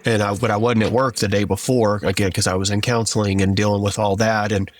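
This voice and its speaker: A man tells a personal story in an earnest, halting way, with many "like" fillers. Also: lowish voice, flat delivery, faint music behind. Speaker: guest sharing his testimony.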